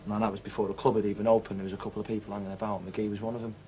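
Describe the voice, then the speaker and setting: A man's voice: lowish voice, level tone, racing, dark tone, slight background noise, rough recording. A man being interviewed as a musician, bantering in a cocky, slangy way and cutting in on others. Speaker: musician guest. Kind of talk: casual interview chat.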